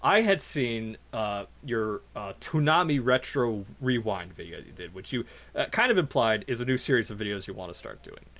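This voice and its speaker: Animated man with a lively, bouncing voice. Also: medium pitch, moderate pace, few pauses. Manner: animated storytelling, laughs often. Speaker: video reviewer. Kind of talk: casual podcast chat.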